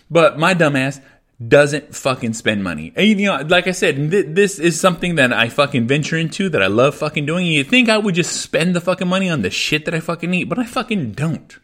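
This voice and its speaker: A man's voice: on the high side, a bit bright. A man hosting his own podcast, ranting alone in a frustrated, heavily profane, self-deprecating way. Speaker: podcast host. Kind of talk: solo rant.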